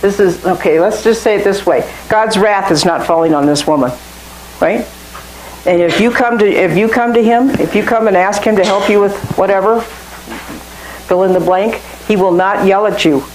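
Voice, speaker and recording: This poor-quality, roomy recording with slight background noise captures a woman of medium pitch speaking at normal speed, her tone a little mellow. She's guiding a small informal Bible study, discussing scripture casually and frequently repeating and restarting phrases.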